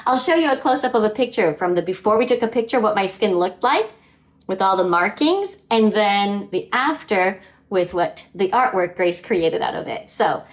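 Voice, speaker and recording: A woman's voice: mid-range voice, lively intonation, normal speed. A woman chatting casually in a home vlog, earnest and openly emotional as she talks to her viewers from her kitchen. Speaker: homestead vlogger.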